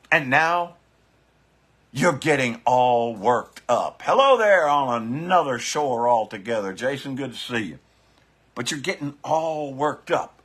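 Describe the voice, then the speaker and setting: A husky, bright-voiced man rants into his phone, swearing and fiery as he talks to his viewers. His pitch swings widely while he drags the words out slowly, circling back to the same catchphrases. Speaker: biker vlogger. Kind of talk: profane live-streamed political rant.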